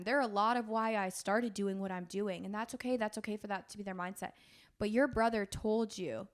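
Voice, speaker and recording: A woman's voice: medium pitch, fairly even intonation, fairly quick. A woman hosting a podcast, talking in an earnest, encouraging and emotional way. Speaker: podcast host. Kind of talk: heartfelt podcast talk.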